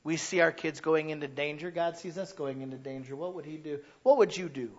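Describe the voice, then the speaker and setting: A man in his thirties preaching a sermon, telling stories and acting out shouting parents. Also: fairly high pitch, fairly quick, muffled recording. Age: 30s. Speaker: pastor.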